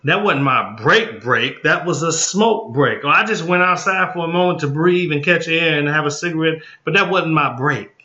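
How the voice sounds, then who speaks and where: A man's voice: on the high side, moderate pace, few pauses, bright, forceful tone, echoey room, dull audio. A man imitating an evasive employee who over-explains defensively why the extra smoke breaks don't count.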